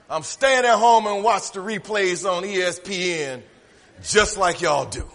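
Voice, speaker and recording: High, bright-voiced preacher in a hall. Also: male voice, a little slow. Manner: folksy, swings from soft asides to shouted preaching. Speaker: pastor. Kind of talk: sermon. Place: church sanctuary. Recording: echoey hall.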